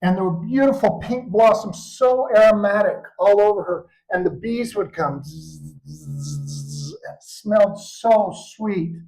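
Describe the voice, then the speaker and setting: An older man telling stories in an animated, expressive way at a live storytelling performance. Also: sits high, normal speed, soft background music, poor audio.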